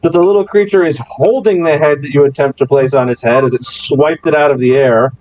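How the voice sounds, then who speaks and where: A man's voice: on the high side, steady tone, brisk, darkish tone, no room sound. A man narrating as dungeon master, laid back and chuckling between scenes. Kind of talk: narrating a tabletop game. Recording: dull lo-fi mic.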